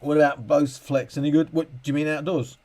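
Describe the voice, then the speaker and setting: A man's voice: on the high side, a little fast. A man hosting a casual live stream, reading chat questions aloud and ranting with frequent laughs. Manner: animated, ranting, laughs often. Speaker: livestream host answering chat questions.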